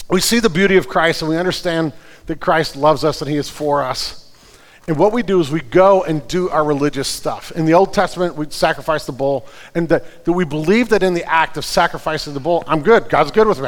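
Higher-voiced man preaching in a reverberant hall. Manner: earnest, swings from fervent prayer to quiet explanation. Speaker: pastor. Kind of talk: sermon.

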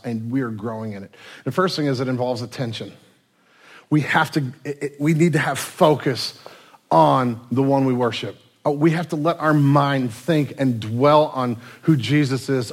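Pastor, male, slightly higher-pitched voice, relaxed sermon delivery full of acted-out asides. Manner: conversational preaching with acted-out quotes and restarts.

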